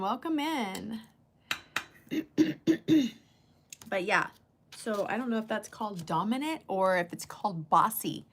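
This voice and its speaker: A woman hosting a casual livestream, chatting bluntly and greeting viewers by name. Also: mid-range voice. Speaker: livestream host. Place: indoor room under a bright light.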